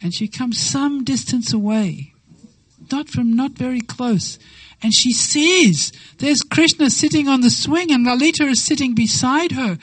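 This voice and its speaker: A woman giving a devotional talk, telling a sacred story with lively acted-out quotes and slow, reverent phrasing. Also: high-pitched, no echo, low-quality recording. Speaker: devotional speaker.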